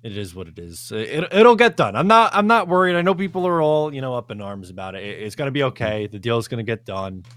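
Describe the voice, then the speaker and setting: A man on a casual sports panel, speaking in a calm, matter-of-fact, reassuring way. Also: mid-range voice, quick pace, hardly any pauses, no echo.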